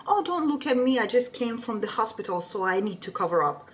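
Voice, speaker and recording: A woman's voice: fairly high pitch, lively intonation, fairly quick, slight background noise, lightly acted. A woman putting on the voice of a nosy old woman lecturing a stranger in a condescending tone.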